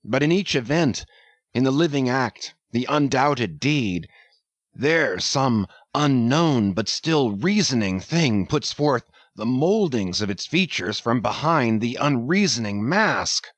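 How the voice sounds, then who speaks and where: A man's voice: mid-range voice, animated, takes it slowly, dry recording. A man reading the part of an obsessed old whaling captain, delivered as thundering, ranting declamation. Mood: brooding. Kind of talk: audiobook character reading.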